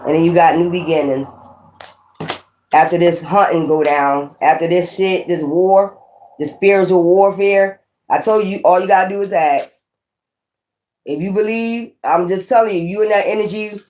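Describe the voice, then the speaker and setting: A woman's voice: on the low side, fairly even intonation, normal speed, a little mellow. A woman giving a casual tarot reading in a blunt, profane, scolding way, full of rambling sassy asides. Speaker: tarot reader.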